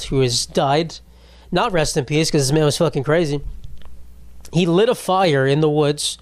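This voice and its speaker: A man in his twenties from the United States hosts a casual solo podcast, rambling and joking with plenty of profanity. His voice is on the high side with no room sound, and he trails off with "bro" and "dude."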